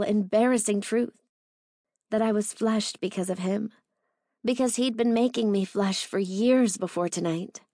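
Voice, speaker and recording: A woman's voice: medium pitch, a little mellow, no room sound, clean studio sound. Woman narrating a romance audiobook. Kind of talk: first-person romance narration.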